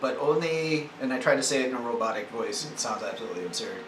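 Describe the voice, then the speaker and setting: A man's voice: mid-range voice, animated, fast talker, a bit bright. A man playing a tabletop role-playing game who talks casually and often restarts his sentences. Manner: hesitant, stumbling restarts. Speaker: player. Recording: distant voice in an echoey room with noise.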